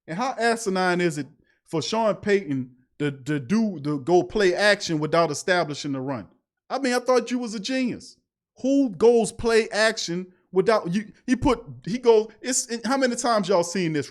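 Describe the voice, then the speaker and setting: A man's voice: high voice, lively intonation, moderate pace. A man hosting a live-streamed sports talk show, reading chat messages and ranting in an emphatic, slangy way.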